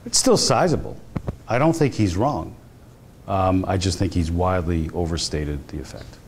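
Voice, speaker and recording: A man's voice: low-pitched, expressive, normal speed, vocal fry, a little hiss or hum. A male professor giving a guest lecture in a university hall, telling stories in a conversational way, often restarting his sentences. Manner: conversational storytelling with frequent restarts.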